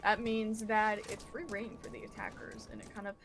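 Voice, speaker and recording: A woman's voice: medium pitch, flat delivery, normal speed, a bit bright, slight background noise. A woman co-casting a live esports match, giving casual, chatty color commentary on strategy. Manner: casual, chatty, laughs easily. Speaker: esports co-caster.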